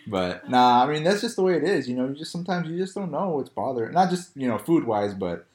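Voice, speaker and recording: A young man with a drawl talks casually as a podcast co-host, telling stories in a relaxed way and laughing often. His voice sits at an average pitch. The room is noticeably echoey. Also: quick pace. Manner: laid-back, storytelling, laughs often. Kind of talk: casual chat.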